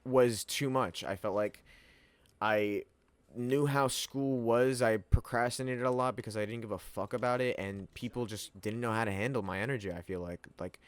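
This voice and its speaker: A man's voice: mid-range voice, fairly even intonation, moderate pace, smooth, no echo. A young man telling a rambling personal story, full of slang, swearing and laughter. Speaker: vlogger. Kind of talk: casual storytelling to camera.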